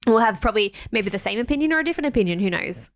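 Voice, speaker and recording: A woman's voice: fairly high pitch, expressive, rapid-fire, dry recording, studio quality. A young woman co-hosting a podcast in a chatty, casual way, laughing often and filling with "like". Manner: chatty, laughs easily, lots of filler "like". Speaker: podcast co-host. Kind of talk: casual chat.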